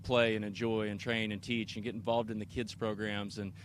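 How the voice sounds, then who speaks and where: A man's voice: fairly low pitch, flat delivery, brisk, a little hiss or hum. A middle-aged man from Kansas, an off-road racer answering interview questions outdoors in an enthusiastic, rambling way with many restarts. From Kansas, USA. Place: outdoors at an off-road race park.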